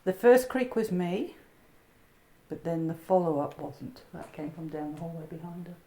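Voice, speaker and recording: A woman investigating a haunted building, asking soft, coaxing questions into the dark. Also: fairly low pitch, expressive, normal speed, poor audio. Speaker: paranormal investigator. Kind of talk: hushed ghost-hunt narration. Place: dark old building indoors.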